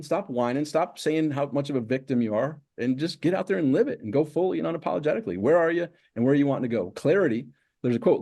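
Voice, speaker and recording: With a mellow, mid-range voice, a middle-aged success coach answers interview questions by running through emphatic lists of steps, which he repeats.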